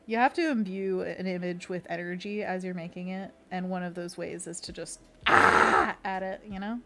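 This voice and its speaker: A young woman streaming as an art host, chatting casually with viewers while she paints, giggly and quick to slip into playful bits. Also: fairly low pitch, sharp tone, a little hiss or hum.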